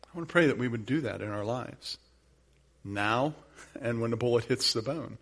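A man pastor preaching at a middling pitch. He tells stories in a loose, conversational way and leads prayer in a soft voice. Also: normal speed. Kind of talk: sermon.

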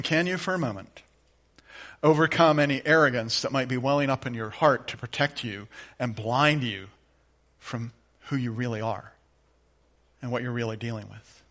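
A middle-aged man preaching a sermon as pastor, moving from quiet, conversational storytelling to emphatic, rising declarations. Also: medium pitch.

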